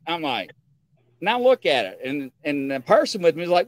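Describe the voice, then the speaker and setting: A man tells a story in a casual chat with a voice on the higher side, and his pitch swings widely as he acts out what each person said. He keeps checking in with his listeners with a quick "okay?". The sound is dry and close. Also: sing-song, no echo.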